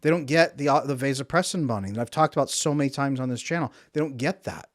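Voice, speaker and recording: A man's voice: medium pitch, quick pace, dry recording, clean studio sound. A man working as a relationship coach, talking to camera in an emphatic, repetitive way and acting out quotes.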